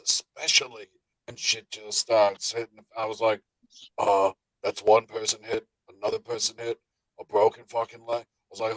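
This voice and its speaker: Bright-voiced man hosting a live show. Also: mid-range voice, steady tone, moderate pace, no room sound, poor audio. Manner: laughing, reads chat aloud. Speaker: host of a live pop culture show. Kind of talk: casual chat.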